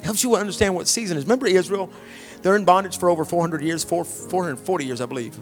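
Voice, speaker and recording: A middle-aged male pastor preaching a conversational sermon, joking and dropping to hushed, sighing asides. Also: high voice, quick pace. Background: soft music.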